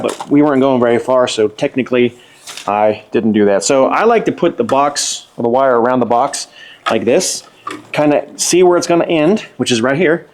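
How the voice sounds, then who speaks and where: A man's voice: mid-range voice, darkish tone, a little hiss or hum. A man explaining electrical wiring step by step in a casual hands-on tutorial, folksy and repeating himself for emphasis.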